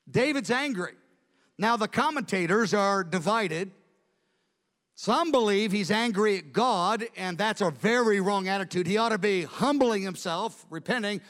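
A pastor, a man, preaching a fast, fervent Bible-teaching sermon to his church. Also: sits high, animated, fairly bright tone, big-room sound.

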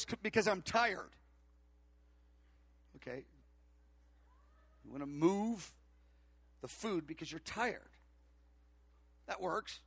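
A man's voice: sits high, no echo. A man preaching a sermon, telling a story and acting out the voices of the people in it. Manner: storytelling, acts out dialogue, animated. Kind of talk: sermon with anecdote.

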